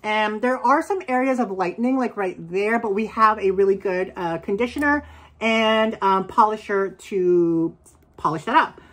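A woman chatting casually as she unboxes and reviews secondhand bags, excitable and quick to gasp and laugh. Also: medium pitch. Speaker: reseller vlogger.

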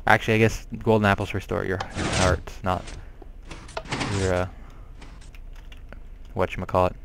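A man giving casual let's-play commentary on a puzzle game, excitable and quick to exclaim when things go wrong. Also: deep voice, gravelly, noisy background. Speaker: gameplay commentator.

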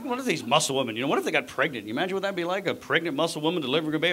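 A middle-aged man doing energetic live stand-up on a club stage, teasing the crowd with punchy delivery. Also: fairly high pitch, very fast. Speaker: stand-up comedian. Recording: live club audio with audience noise.

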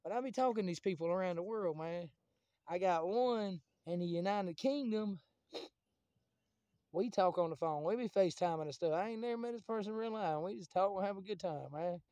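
A man's voice: high-pitched, a little fast, dark tone, clean tone, dry recording, lo-fi sound. A man rambling casually and profanely to his camera as a vlogger.

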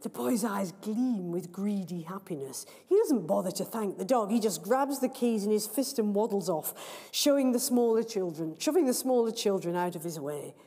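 A woman author reading her own story aloud, in a lively, playful storytelling manner, in a large library hall. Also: mid-range voice, normal speed, slightly rough. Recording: long reverb of a large hall.

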